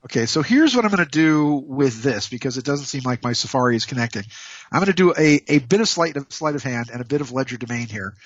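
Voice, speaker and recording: A man's voice: medium pitch, animated, quick pace, no echo, lo-fi sound. A man hosting a radio show over a call, joking and rambling with lots of restarts. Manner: playful, jokey, rambling with restarts. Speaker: radio host. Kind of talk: casual radio talk. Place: hotel room. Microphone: Skype call.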